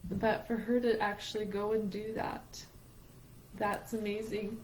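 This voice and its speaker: A woman's voice: mid-range voice, little pitch movement, a little slow, darkish tone, slight background noise, low-quality recording. Earnest woman sharing a heartfelt story. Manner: earnest and emotional, with a faith-based outlook. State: tearful at times. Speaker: podcast co-host. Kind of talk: heartfelt conversation on grief.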